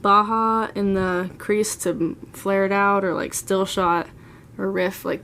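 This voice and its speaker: A woman's voice: medium pitch, steady tone, moderate pace, a little hiss or hum. Gushing young woman vlogger, chatty. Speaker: beauty vlogger. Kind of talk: casual makeup collection tour. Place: at home, seated.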